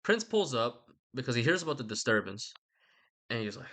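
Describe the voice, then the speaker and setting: A man's voice: medium pitch, big pitch swings, brisk, fairly bright tone. A man rambles through a comic retelling, swearing freely and breaking off for asides. His voice swings widely and animatedly. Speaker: vlogger.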